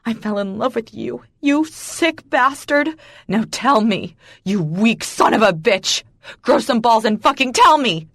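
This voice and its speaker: A betrayed young woman screams and spits her hurt, her voice cracking as it climbs high, as a woman plays her. The voice leaps up from a low, slow base. It is a dry, close audiobook recording. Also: no room sound. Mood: furious.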